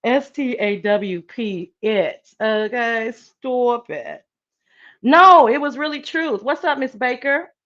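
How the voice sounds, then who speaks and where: A woman's voice: on the high side, slow, few pauses, a bit bright, dull audio. A woman hosting a casual live-stream chat, talking in a playful, sassy, slang-filled way and answering her viewers. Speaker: live-stream show host.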